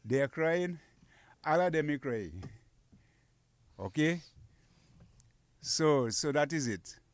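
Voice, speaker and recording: A man's voice: a little high, expressive, no echo. Patient man, dry studio. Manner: patient, repeats phrases slowly, chuckles. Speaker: guest teaching Kokoy dialect. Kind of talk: casual radio language lesson. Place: radio studio.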